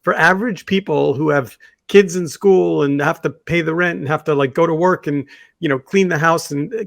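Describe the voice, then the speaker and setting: Higher-voiced man co-hosting, dry sound. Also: vocal fry, a bit bright, no room sound. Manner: conversational storyteller, rambling with fillers and restarts. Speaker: podcast co-host. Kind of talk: casual discussion.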